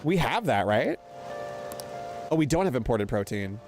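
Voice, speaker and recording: A man's voice: mid-range voice, sing-song, moderate pace. A young man streaming a game, chatting loosely, laughing and swearing while reading lines aloud. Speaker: gaming streamer. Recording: game music playing behind.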